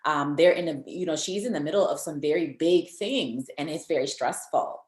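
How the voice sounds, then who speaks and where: A woman nutrition coach hosting an interview, explaining her approach step by step in a measured way. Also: deep voice, darkish tone. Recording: echoey room.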